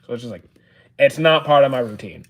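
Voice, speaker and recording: A man's voice: medium pitch, fairly quick, dull audio. Man, live streamer, casual chat Q&A, reads questions aloud, plain answers, lots of uh.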